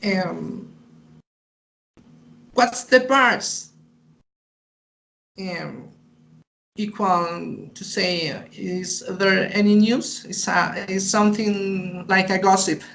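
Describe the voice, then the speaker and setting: Very slow, halting male student. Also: high-pitched, creaky, fairly bright tone, low-quality recording. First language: Spanish. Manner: halting, many fillers and restarts. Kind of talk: presenting research in class.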